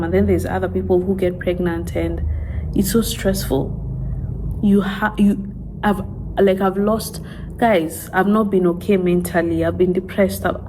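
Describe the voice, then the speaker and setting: A woman vlogger speaking in a soft, halting way, holding back tears as she opens up to her viewers in a confessional vlog. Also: lowish voice, a little hiss or hum, rough recording. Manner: halting, soft-spoken, tearful.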